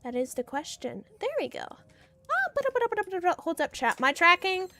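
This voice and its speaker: A woman's voice: high voice, moderate pace, pushed and bright, no echo. A young woman streamer chatting casually with her viewers and reading a storybook aloud, giggly and full of jokes. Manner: chatty, giggly, talks to chat, breaks off into jokes.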